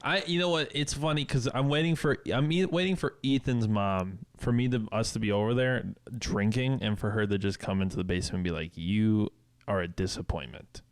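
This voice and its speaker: A man's voice: mid-range voice, brisk, hardly any pauses, clean tone. Young man telling rowdy stories. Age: young adult. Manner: animated storyteller, shrieks when imitating others. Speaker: podcast co-host. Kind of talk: casual chat.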